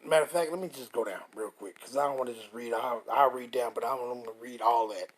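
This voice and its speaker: A man reading scripture aloud and commenting on it, profane and combative, slowing down to stress the verses. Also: mid-range voice. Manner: profane and combative, reads verses slowly and forcefully.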